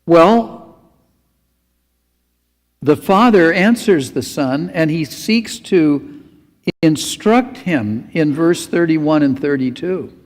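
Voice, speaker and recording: A man's voice: on the high side, expressive, slow, long pauses, big-room sound. A man preaching a sermon as pastor, earnest and pleading.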